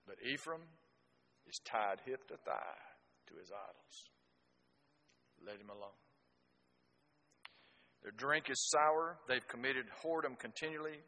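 Man preaching in a reverberant hall. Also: medium pitch. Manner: folksy storytelling, swings from loud exclamations to quiet asides. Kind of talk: sermon.

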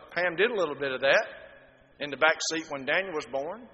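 A middle-aged man preaching a sermon, swinging from quiet explanation to loud, emphatic appeals. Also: fairly high pitch, animated, brisk. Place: church hall. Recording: long hall reverb.

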